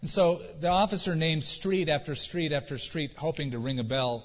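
A man's voice: fairly high pitch, expressive. Earnest male pastor preaching in a church. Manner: earnest preaching with dramatic pauses and rhetorical questions. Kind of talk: sermon. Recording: dull recording with long church reverb.

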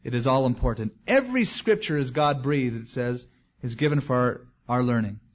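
A man's voice: medium pitch, animated, moderate pace, highs cut off. A man as pastor, preaching a verse-by-verse expository sermon in a conversational way with joking asides.

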